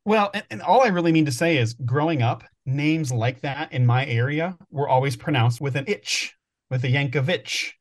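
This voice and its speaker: A man's voice: a little high, normal speed. A man co-hosting a podcast, telling stories in a rambling, thinking-aloud way during casual chat. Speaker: podcast co-host.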